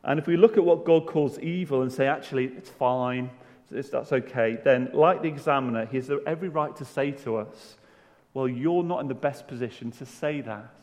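A man preaches a sermon in a church, keeping it conversational with rhetorical questions and self-deprecating humour. His voice is mid-range and a little mellow, and the recording carries long hall reverb.

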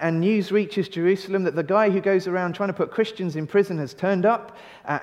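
A man preaches earnestly in a slightly raised voice, drawing out key phrases and pausing on rhetorical questions. His words carry the long reverb of a large church hall. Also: sits high, darkish tone. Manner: conversational, with restarts and rhetorical questions. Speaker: pastor. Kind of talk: sermon.

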